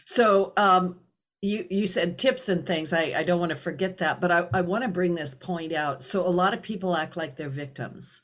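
A man's voice: high-pitched, normal speed, fairly bright tone, lo-fi sound. A man hosting an interview, chatty and a little hesitant, restarting his sentences. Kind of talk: casual interview chat.

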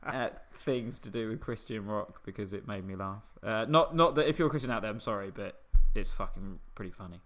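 A man's voice: fairly low pitch, fairly quick, hardly any pauses, fairly bright tone. Laughing, sardonic man. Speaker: podcast co-host. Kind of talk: casual news chat.

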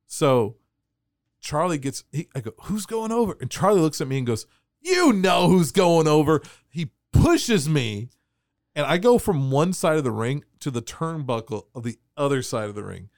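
A man telling a story on a podcast in a casual, animated way, laughing and acting out the voices of people in his anecdotes. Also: medium pitch, normal speed, no echo, studio quality. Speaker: wrestling referee telling a story.

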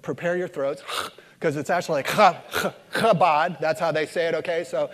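A pastor preaches a sermon to his congregation, moving between loud, emphatic lines and hushed, slow ones while leading call-and-response. His voice is a little high with fairly even intonation.

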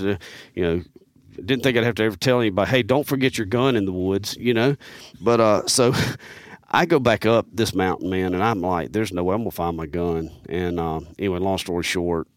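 A man with a deep, low-pitched voice spins a long, meandering yarn as a podcast guest. He keeps circling back with "man" and "you know." The studio sound is dry and close. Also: fairly quick, dry recording. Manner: rambling, animated, peppers speech with "man". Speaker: podcast guest, turkey hunter. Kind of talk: casual storytelling.

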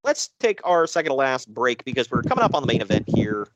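Animated man casually chatting. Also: mid-range voice, quick pace, very noisy. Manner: animated, jokey, loose. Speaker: podcast co-host. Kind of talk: casual chat recapping wrestling.

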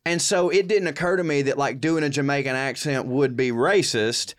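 A man's voice: mid-range voice, moderate pace. A man co-hosting a comedy podcast, rambling in a self-deprecating way and laughing as he talks. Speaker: podcast co-host. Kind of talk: casual comedic chat.

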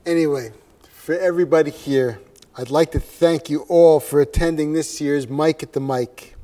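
A man hosting a seminar panel, speaking in an earnest, measured way. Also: fairly high pitch, dark tone. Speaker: seminar host. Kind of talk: closing remarks at a seminar.

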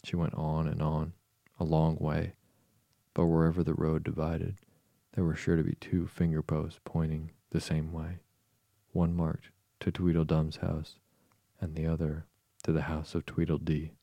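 A man narrating a storybook in a steady, even storytelling manner. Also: extremely low pitch, measured pace, gravelly, dry recording. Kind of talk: storybook reading.

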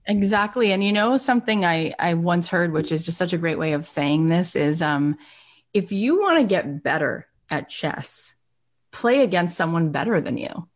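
A middle-aged woman hosting a podcast, telling stories with lively quoted voices in a casual chat. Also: on the low side, moderate pace. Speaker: podcast host and coach.

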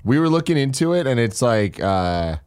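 A man's voice: medium pitch, big pitch swings, moderate pace, a little mellow, clear, resonant tone, no room sound, clean studio sound. A man co-hosting a podcast, talking in a laid-back, slangy way and laughing often. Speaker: podcast co-host. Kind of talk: casual chat.

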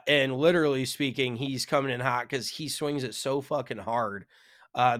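A man's voice: mid-range voice, a bit bright, no room sound, studio quality. A man co-hosting a golf podcast, talking frankly and casually, with some swearing and self-mockery. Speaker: podcast co-host.

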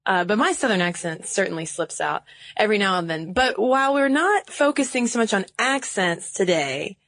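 A woman's voice: medium pitch, animated, normal speed, fairly bright tone, no room sound. Chatty Southern-raised woman co-host. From American South. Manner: chatty, laughs often. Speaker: podcast co-host. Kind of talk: casual chat.

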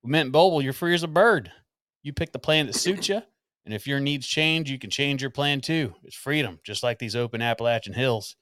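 A man's voice: mid-range voice, expressive, brisk, a bit bright, dry recording, pitched above the performer's own voice, lightly acted. A man reading an ad as a folksy Appalachian mountain man, in close to his own voice with playful emphasis. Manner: reads the ad text aloud with folksy wording and playful emphasis.

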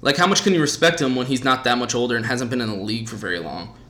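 Profane, animated male podcast host. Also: mid-range voice, racing. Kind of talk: casual podcast chat.

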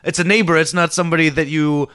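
Podcast co-host, male, smooth clear voice, rambling halting delivery, dry close studio sound. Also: on the high side, steady tone, fairly bright tone, no room sound. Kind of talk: casual chat. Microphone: studio mic.

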